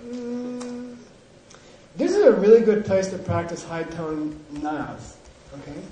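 A man's voice: sits high, animated, slow, dark tone, a little hiss or hum. A man teaching a language class, drilling pronunciation and joking with his students. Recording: echoey room with class audience.

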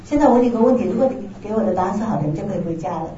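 A woman's voice: medium pitch, expressive, mellow, a little hiss or hum. Woman interpreting a talk from afar. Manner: renders each phrase quickly and plainly, echoing the speaker's tone. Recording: distant, roomy, dull lo-fi sound with faint ambience.

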